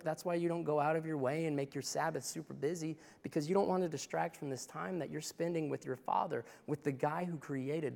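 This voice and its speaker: A man's voice: on the high side, gravelly, in a large hall. A male pastor preaching a sermon in a church in a conversational, impassioned way.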